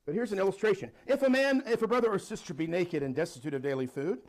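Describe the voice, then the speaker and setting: Male pastor, middle-aged, high voice, lively preaching, bible reading. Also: very fast. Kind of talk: sermon.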